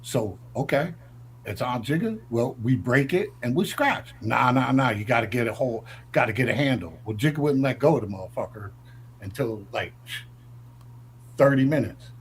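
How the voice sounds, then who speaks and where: A man's voice: medium pitch, lively intonation, normal speed, a little hiss or hum. A man from the northern United States telling profane stories in a brash, swaggering way, acting out quotes in a raised voice. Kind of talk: profane storytelling.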